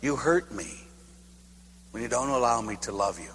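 A man voicing God the Father speaking gently, hushed, slow and tender, in an echoey hall. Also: mid-range voice, lively intonation, close to an everyday voice. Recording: echoey hall, faint hum.

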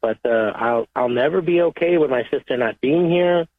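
Guy calling in, earnest and halting, dry thin phone sound. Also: mid-range voice, no echo. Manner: halting, repeating himself, earnest. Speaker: caller. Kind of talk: call-in testimony. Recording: tinny phone line, dry.

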